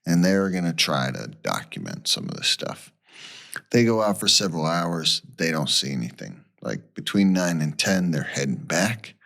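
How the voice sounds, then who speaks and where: A man with a low voice tells a story with lots of swing in his pitch. He rambles casually and acts out the people he quotes, as a podcast co-host would. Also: sing-song, moderate pace, creaky, fairly bright tone.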